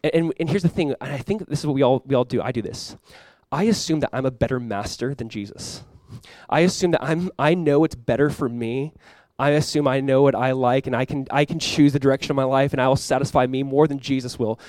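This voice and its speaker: A male pastor preaching a sermon in an animated way, acting out quoted voices and often repeating words as he goes. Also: mid-range voice, a little fast, no echo.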